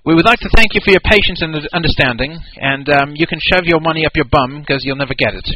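A man's voice: fairly high pitch, racing, bright, forceful tone, low-quality recording. A man putting on an exaggerated posh British accent, mocking a customer service reply. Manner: exaggerated snooty British put-on.

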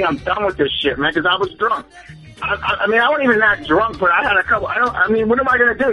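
A man's voice: sits high, bright, forceful tone. A man calling into a radio show, telling a story in a rambling, profane way that keeps repeating itself. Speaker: caller. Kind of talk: emotional call-in storytelling. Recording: dull phone-call sound on radio.

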